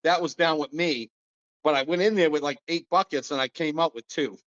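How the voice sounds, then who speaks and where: Podcast host, male, lively storyteller, slightly high voice, dull lo-fi sound. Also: fairly quick. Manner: animated storyteller, acts out quotes in a higher voice, laughs often. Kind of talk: casual storytelling chat.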